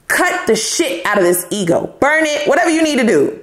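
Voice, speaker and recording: A woman's voice: sits high, brisk, few pauses, reverberant, a little hiss or hum. Blunt, profane woman tarot reader. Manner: blunt, profane, slangy and animated. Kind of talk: casual tarot reading to camera.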